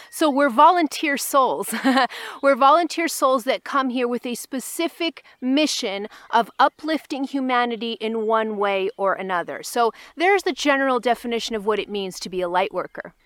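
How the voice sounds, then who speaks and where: A woman's voice: on the high side, fairly bright tone, clear, resonant tone, dry recording. A woman spiritual coach speaking to camera on a mountaintop, bubbly and enthusiastic, a little out of breath from the climb. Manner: bubbly, enthusiastic, addresses viewers directly. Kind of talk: outdoor vlog, then spiritual teaching to camera. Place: mountaintop outdoors.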